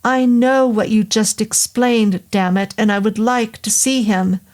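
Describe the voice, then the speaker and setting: A woman's voice: medium pitch, slow, darkish tone. A woman voicing a grieving, insistent daughter. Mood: tense. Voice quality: trembling, then firm and emphatic. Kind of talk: audiobook character voice.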